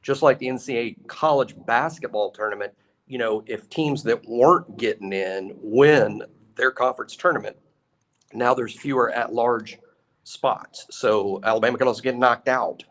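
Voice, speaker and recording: A man co-hosting a sports talk show, talking in an animated, emphatic way with a lot of repetition. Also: mid-range voice. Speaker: co-host.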